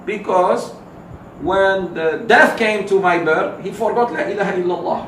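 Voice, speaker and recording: A man's voice: high voice, normal speed, fairly bright tone, a little hiss or hum. A man voicing a grieving elderly imam who laments for his dead bird, heard in an echoey hall from a distance. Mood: lamenting.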